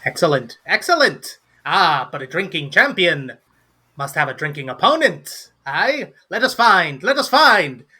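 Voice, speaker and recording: A squeaky, theatrical gnome barkeep, put on by a man, pitched far above a normal man's voice and tumbling out in eager bursts. The little fellow is all salesmanship and glee, with a husky edge to the tone. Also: sing-song, measured pace, pushed and bright, exaggerated voice. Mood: gleeful.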